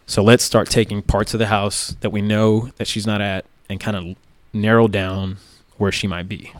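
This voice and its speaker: A male police tactical officer recounts events in a plain-spoken, casual way, leaning on fillers like "like" and "right?" and swearing now and then. His voice is fairly low and level, at a moderate pace, with no room sound.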